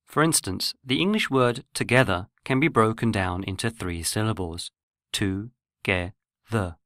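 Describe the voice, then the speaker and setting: Measured man narrating a language lesson. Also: on the low side, a bit bright, no room sound, clean studio sound. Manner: measured, explanatory.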